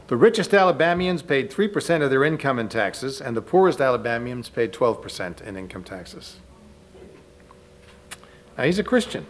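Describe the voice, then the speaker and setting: A man giving a spoken lecture to a live audience, conversational, often turning to ask the listeners questions. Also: mid-range voice. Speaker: lecturer speaking to a church audience.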